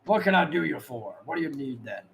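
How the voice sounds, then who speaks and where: A gravelly old widowed shopkeeper, put on by a man running a tabletop game, drawling his words out slow and folksy. He sounds gruff and evasive, pitched a touch above the man's usual voice. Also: expressive, exaggerated voice.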